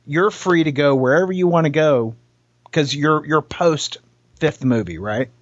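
A man's voice: on the high side, unhurried, no echo. A man hosting an interview, playful and joking in casual chat. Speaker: podcast host. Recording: dry, slightly dull sound.

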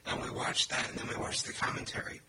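A man co-hosting a podcast, talking in a measured, thoughtful way in casual chat. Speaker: podcast co-host. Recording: loud background noise.

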